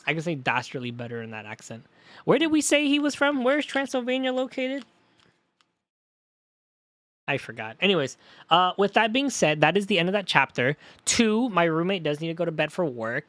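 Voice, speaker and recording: A man's voice: mid-range voice, fairly bright tone, dry recording. A young man chatting casually on a live stream, rambling and joking, often correcting himself. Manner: rambling, self-correcting, jokey.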